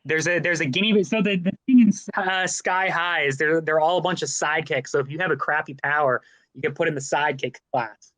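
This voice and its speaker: Young guy, kinda high voice, animated storyteller, dry close mic. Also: brisk, no room sound. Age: young adult. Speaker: student co-host. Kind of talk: casual chat.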